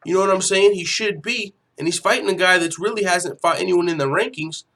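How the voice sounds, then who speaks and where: A man's voice: high voice, brisk, creaky, sharp tone. A young man hosting a casual livestream from home, talking loosely, swearing freely and reading viewers' chat aloud. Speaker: livestream host.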